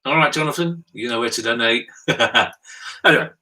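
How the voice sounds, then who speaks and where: A man's voice: medium pitch, normal speed, sharp tone, distant mic, low-quality recording. A middle-aged man hosting a charity pub quiz from home, with dry self-mocking banter. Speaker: quiz host. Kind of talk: comic quizmaster patter.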